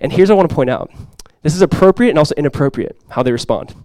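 Rapid-fire and animated, a male pastor with a voice on the high side delivers a fervent sermon in a church sanctuary. He booms on quoted cries and then softens, and there's no echo.

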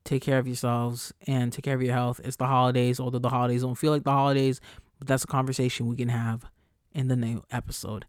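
A man hosting his own podcast alone, talking casually in a blunt, profane, animated way as he gives his listeners a pep talk. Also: medium pitch, fast talker, no echo, clean studio sound. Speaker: podcast host.

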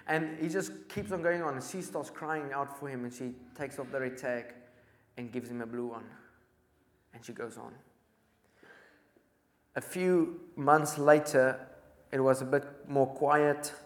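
A man's voice: medium pitch, steady tone, unhurried, pauses often. Man preaching in an echoey church. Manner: storytelling, urgent, repeating phrases. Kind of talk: sermon.

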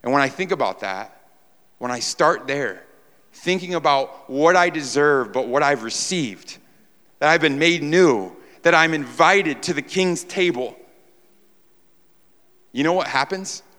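A man's voice: a little high, lively intonation, unhurried, long pauses, a bit bright. A man from New York preaching a sermon to a congregation, emphatic, repeating his phrases and asking rhetorical questions. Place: church sanctuary before a congregation. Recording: long reverb of a large hall.

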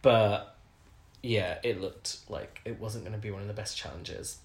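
A man co-hosting a casual podcast conversation, teasing his friend and breaking into laughs. His voice sits at an ordinary pitch. It carries a roomy echo. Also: unhurried. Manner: chatty, teasing, laughs often. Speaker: podcast co-host. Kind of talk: casual chat.

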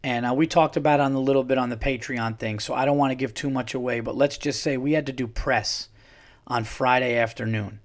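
Comedian guy from new york rambling through a story, swears a lot, keeps restarting, mid pitch. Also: fairly even intonation, fairly quick. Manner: rambling, profane, with frequent restarts. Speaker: comedian, podcast host. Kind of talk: casual storytelling.

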